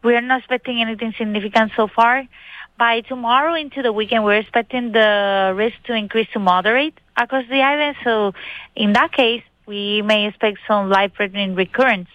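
Higher-voiced female weather forecaster on a dull line. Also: brisk, no room sound. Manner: informative, careful, with many fillers. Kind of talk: phone-in weather briefing.

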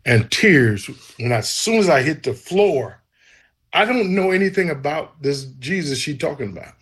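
A man's voice: fairly high pitch, big pitch swings, moderate pace, fairly bright tone, breathy edge. A man telling his personal faith testimony in an earnest, vivid way, acting out the dialogue as he goes. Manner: earnest, vivid storyteller who acts out dialogue. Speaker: guest sharing a faith testimony.

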